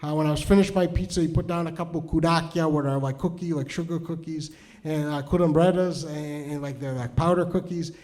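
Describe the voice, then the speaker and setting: Middle-aged male storyteller, high voice, chatty and self-mocking, stops and restarts. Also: steady tone, fairly quick, darkish tone. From New Hampshire. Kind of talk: stand-up storytelling.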